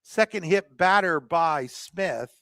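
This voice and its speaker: A man doing live softball play-by-play commentary, chatty between pitches and rising in excitement on the plays. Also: slow pace, dry recording, studio quality.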